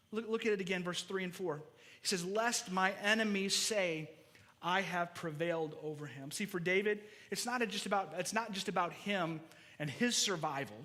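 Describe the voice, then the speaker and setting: A man's voice: sits high, sharp tone, long reverb tail. A male pastor preaching an earnest sermon, repeating words as he stresses a point. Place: church hall.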